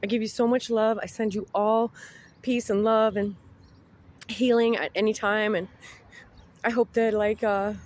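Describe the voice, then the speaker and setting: A woman's voice: mid-range voice, flat delivery, unhurried, pauses often. A woman in her thirties with children, tearfully giving a heartfelt spiritual message outdoors in the sun, rambling and repeating herself. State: tearful, close to crying. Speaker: spiritual vlogger. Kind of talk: emotional spiritual message to camera.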